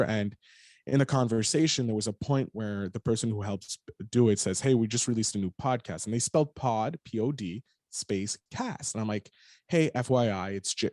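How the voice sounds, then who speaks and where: A young adult man, a podcast guest, telling a frank, animated story in casual talk and swearing freely. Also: fairly low pitch, dry recording, clean studio sound.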